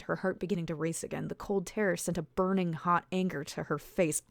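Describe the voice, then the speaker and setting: Low, gravelly woman reading aloud. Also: fairly even intonation, a little fast, hardly any pauses, dry recording, studio quality. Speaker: author reading her own work. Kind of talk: storybook narration.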